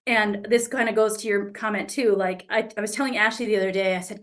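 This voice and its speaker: A woman's voice: medium pitch, fast talker, few pauses. A woman coach giving a casual teaching talk to an online group. She speaks frankly, swears freely and acts out the exchanges she describes. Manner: lively, acts out quoted exchanges.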